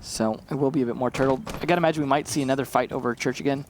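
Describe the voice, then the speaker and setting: A man's voice: medium pitch, racing, noisy background. A man giving casual, analytical color commentary on an esports match, laughing easily between points. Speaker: esports caster.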